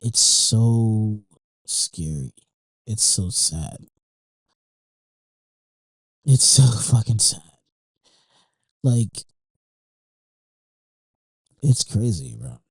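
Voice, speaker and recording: A man's voice: lowish voice, very animated, very slow, vocal fry, pauses often, husky, dry recording, low-quality recording. A young man hosting a podcast, talking in a rambling, emotional way with lots of fillers, restarts and swearing. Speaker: podcast host. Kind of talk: casual monologue.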